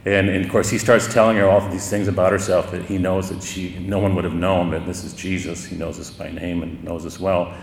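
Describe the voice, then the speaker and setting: Brief: middle-aged male priest, low voice, chatty sermon storytelling, long church reverb. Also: flat delivery, a little fast, gravelly, hardly any pauses. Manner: conversational storytelling with chuckles.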